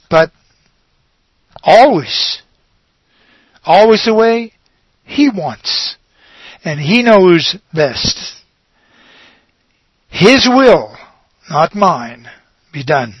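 A man preaching a sermon, slow and emphatic, leaning on dramatic pauses and repeated words. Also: high-pitched, a bit bright, no echo, rough recording.

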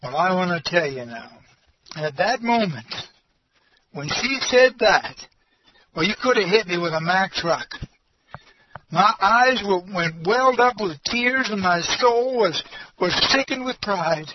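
A man preaches a storytelling sermon at a slow, halting pace, with a fairly high voice. He talks in a folksy way, with fillers and repeated words. The recording is muffled and lo-fi, with faint hiss. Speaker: pastor.

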